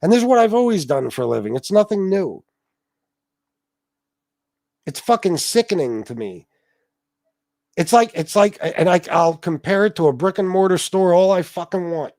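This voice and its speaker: A man's voice: high voice, expressive, moderate pace, pauses often, a little mellow, no echo, clean studio sound. A man hosting a livestream, ranting profanely and aggrieved at his viewers. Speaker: livestream host.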